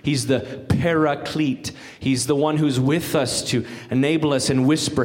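A man's voice: on the high side, fairly even intonation, unhurried. A male pastor giving a sermon in a folksy, conversational way with joking asides. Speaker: guest pastor. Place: church sanctuary.

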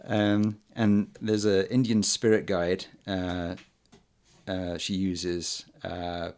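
Podcast host, male, very low voice, hesitant casual delivery with lots of fillers. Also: little pitch movement, darkish tone, smooth. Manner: halting, many ums and uhs, chuckles often. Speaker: podcast host reviewing old films. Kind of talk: casual chat.

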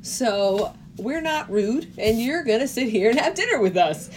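A woman's voice: on the high side, animated, moderate pace, darkish tone, a little hiss or hum. A woman co-hosting a casual podcast, retelling movie scenes and acting out the characters' lines with frequent laughter. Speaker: podcast co-host. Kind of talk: casual movie recap chat.

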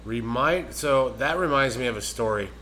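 A man's voice: mid-range voice, lively intonation, moderate pace, bright, forceful tone, poor audio. A man who teaches jiu-jitsu, telling a story in casual chat and earnestly explaining his approach.

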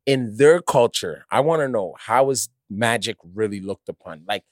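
A man's voice: lowish voice, animated, moderate pace, dry recording, clean studio sound. A man hosting a casual interview, asking questions in a loose, slangy way with lots of fillers. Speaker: interview host.

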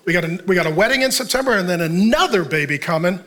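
A middle-aged male pastor preaching with a high, bright, forceful voice. He jumps from shouted lines to soft, hushed asides and laughs at himself along the way. His talk is lively and personal. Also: quick pace. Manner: animated, shouting peaks, drops to soft tender asides; laughs often, self-deprecating humor. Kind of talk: sermon.

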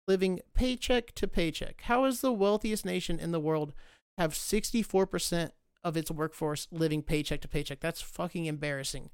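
A man's voice: on the high side, moderate pace, clear, resonant tone, no echo, clean studio sound. A man ranting casually about the country, profane and sarcastic, getting worked up as he talks. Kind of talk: casual rant.

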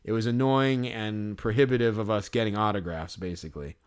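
A man's voice: fairly low pitch, fairly even intonation, brisk, clear, resonant tone. A young man co-hosting a podcast, telling a story in casual chat. He rambles and fills his speech with filler words. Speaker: podcast co-host.

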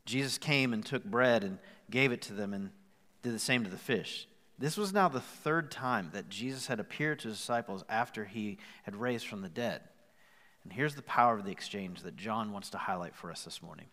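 A male pastor preaching a sermon with growing passion, rising louder and higher as he drives his points home. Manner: impassioned, rising in pitch and volume as he presses his point. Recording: long hall reverb.

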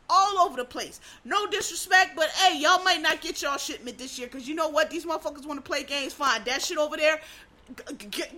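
A woman ranting in a blunt, heated comedic style, swearing constantly and swinging between loud outbursts and low muttering. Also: brisk. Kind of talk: profane comedic rant.

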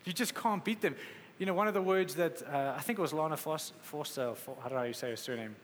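A man's voice: a little high, quick pace, slight background noise. A man preaching a sermon in a conversational, emphatic way, acting out quotes as he goes. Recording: echoey hall with faint ambience.

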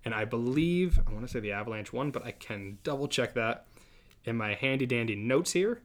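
A man's voice: medium pitch, animated, brisk. A man hosting a sports podcast, chatting casually, often laughing as he tells stories. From Massachusetts. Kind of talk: casual chat.

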